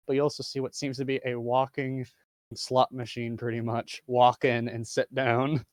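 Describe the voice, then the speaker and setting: A man narrating as game master of a tabletop game, halting with many fillers. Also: medium pitch, flat delivery, no room sound.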